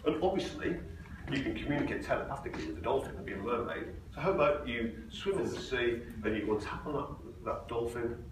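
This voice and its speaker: A man presenting at a conference, telling a client story in a relaxed, matter-of-fact way. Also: medium pitch, fast. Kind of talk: conference talk with anecdotes. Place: conference hall. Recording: very echoey hall, distant mic, noisy.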